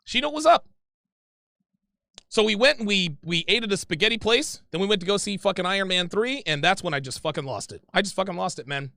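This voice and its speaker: Guy in his 30s ranting a story, swears a ton, gravelly high bright voice, dry close sound. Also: fast, no room sound. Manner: profane, animated, rambling. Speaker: podcast guest. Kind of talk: casual storytelling.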